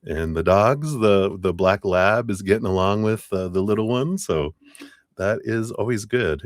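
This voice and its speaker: A man's voice: low voice, no echo, studio quality. A man hosting a live tarot reading stream, chatting in an upbeat, friendly way and laughing often. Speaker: tarot reader host.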